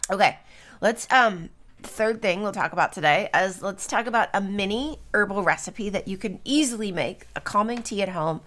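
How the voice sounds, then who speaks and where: A woman's voice: medium pitch, lively intonation, normal speed, a bit bright. A middle-aged woman hosting a solo podcast at home, chatty and loose, full of fillers and little tag questions. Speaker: podcast host. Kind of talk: solo podcast talk on herbs. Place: home, early morning.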